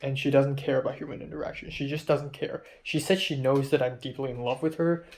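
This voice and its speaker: A man's voice: mid-range voice, steady tone, a little fast, gravelly, darkish tone. A young man recording a diary-style vlog, rambling and frustrated, swearing often as he retells an argument. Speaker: vlogger.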